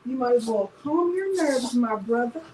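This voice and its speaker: A woman's voice: fairly high pitch, expressive, moderate pace, noisy background. A woman hosting a casual craft livestream, chatting and greeting viewers by name one after another.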